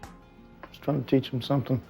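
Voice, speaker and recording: A man's voice: medium pitch, level tone, a little fast, gravelly, warm tone, soft background music. A man, a father on a reality show, sounding defensive as he argues back.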